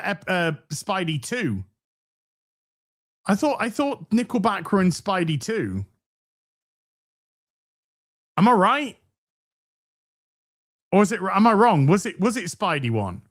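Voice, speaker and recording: A man's voice: high-pitched, sing-song, a little slow, long pauses, a bit bright. An English man co-hosting a podcast, reading out donations in a casual, sweary and jokey way. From England.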